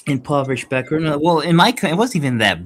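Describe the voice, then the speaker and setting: An American man in a casual discussion, speaking haltingly with frequent restarts. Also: fairly high pitch, lively intonation, a bit bright. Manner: hesitant, many restarts and fillers.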